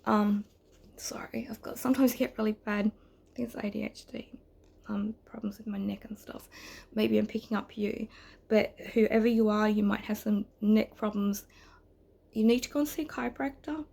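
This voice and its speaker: Tearful woman with a gravelly voice. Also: medium pitch, fairly even intonation, normal speed, mellow. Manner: rambling, emotional, drifting into whispers. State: close to tears. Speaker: tarot reader. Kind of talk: spoken channeled message.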